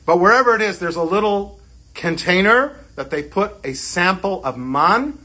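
Male rabbi, animated joking teacher, husky and bright. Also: sits high, moderate pace. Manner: animated and joking, with Yiddish words. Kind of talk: Torah lesson.

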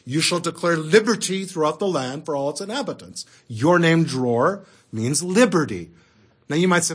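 A man giving an animated Torah lecture as a rabbi, talking conversationally and asking the audience rhetorical questions. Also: a little high, a little slow, slightly rough.

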